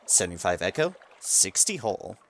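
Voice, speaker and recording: Man, deep voice, gravelly, game streamer, casual musing, reads game text aloud. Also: sing-song, normal speed, fairly bright tone, a little hiss or hum. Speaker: let's play streamer.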